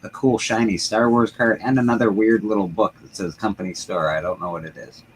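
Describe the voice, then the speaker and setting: A man in casual chat on a comic book podcast, calmly describing a comic he found and giving short, relaxed replies. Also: lowish voice, fairly quick, background noise. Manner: relaxed, brief laughing replies.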